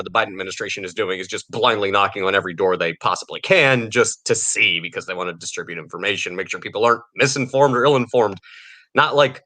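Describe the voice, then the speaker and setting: A man co-hosting a casual banter podcast, his voice bright and forceful. He picks apart news items with dry sarcasm and often chuckles between his points. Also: fairly low pitch. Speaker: podcast co-host.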